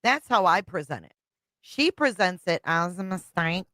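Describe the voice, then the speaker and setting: A woman's voice: on the low side, lively intonation, moderate pace, bright, forceful tone, no room sound. A woman co-host reacting bluntly to a video, talking casually and swearing freely. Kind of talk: casual commentary.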